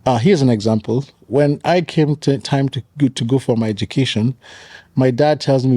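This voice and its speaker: A man's voice: medium pitch, moderate pace, dark tone, dry recording. A man, a pastor and author telling stories as a podcast guest and repeating key phrases for emphasis. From Kenya. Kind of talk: conversational storytelling.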